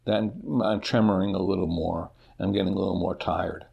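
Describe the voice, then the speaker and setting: A middle-aged man with a deep, gravelly voice speaks candidly as an interview guest. His husky tone comes through as he halts and restarts mid-sentence. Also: a little fast, lo-fi sound. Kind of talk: personal storytelling in an interview.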